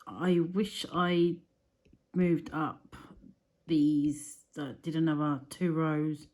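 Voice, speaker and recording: A woman's voice: low-pitched, little pitch movement, extremely slow, darkish tone. A woman talking casually to camera about a crafting project, rambling with lots of fillers and restarts. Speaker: crafting vlogger.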